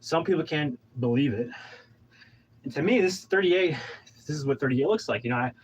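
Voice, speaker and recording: A man's voice: on the high side, lively intonation, a little fast, slightly rough, rough recording. Out-of-breath man in his thirties. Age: 30s. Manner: pumped-up, preachy, rambling with restarts. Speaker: vlogger. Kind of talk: casual motivational talk while exercising.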